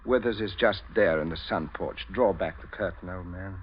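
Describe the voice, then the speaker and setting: An actor playing a suave, chuckling father who calmly threatens a guest at gunpoint, in 1940s radio acting style. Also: low-pitched, normal speed, natural voice. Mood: menacing. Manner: cheerful, chuckling, suave menace. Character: genial menacing man, calm murderer. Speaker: father of the household. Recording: dull old radio recording, faint hiss.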